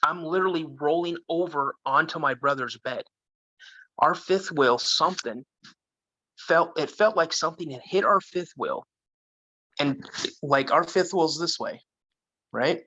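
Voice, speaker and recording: Guy from minnesota telling a story, bright fairly high voice, dull lo-fi sound. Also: unhurried, pauses often, no room sound. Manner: animated, acts out the voices of others. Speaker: guest. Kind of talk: casual storytelling.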